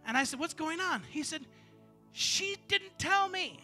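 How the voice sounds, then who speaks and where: A man preaching a sermon, telling a story with animated, sometimes shouted delivery. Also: very high voice, unhurried, faint music behind. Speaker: bishop preaching.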